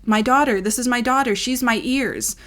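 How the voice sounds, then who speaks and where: A woman voicing her partially deaf older mother, who snaps when she doesn't get her way, in a shrill, indignant tone. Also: moderate pace, a bit bright, natural voice. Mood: proud.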